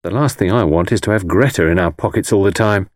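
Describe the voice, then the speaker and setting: A man's voice: low voice, fast talker, dry recording, clean studio sound, natural voice. A man reading as a blunt young newlywed. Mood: casual. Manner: plain, direct, casual. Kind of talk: audiobook character reading.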